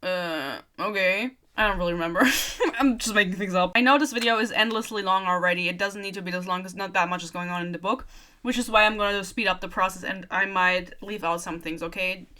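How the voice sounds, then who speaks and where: A woman's voice: mid-range voice, fairly even intonation, fast, bright, forceful tone. A young woman ranting sarcastically through a book review, giggling and swearing as she goes.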